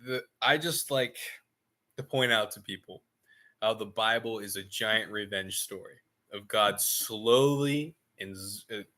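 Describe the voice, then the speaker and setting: A man teaching a casual streamed Bible lesson in an animated, irreverent way, laughing often. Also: on the low side, measured pace. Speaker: Sunday school teacher.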